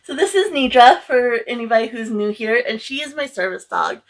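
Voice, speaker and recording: A woman's voice: on the high side, animated, brisk. A young woman casually telling a long, emotional story to her camera at home, rambling with many fillers. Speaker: book vlogger.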